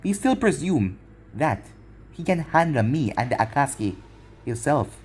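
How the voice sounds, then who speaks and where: A man voicing a vengeful young ninja who taunts slowly and coldly, in a fan-made anime story reading. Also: on the high side, very animated, a little hiss or hum. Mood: menacing. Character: vengeful young man Naruto, cold and mocking.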